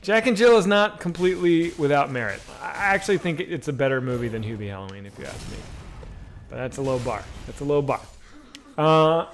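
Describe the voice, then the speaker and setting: Man, streamer, slightly high voice, rambling casual chat, swears a lot. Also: lively intonation, a little fast, slight background noise. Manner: rambling, profane, chatty with viewers. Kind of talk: casual live-stream chat while gaming.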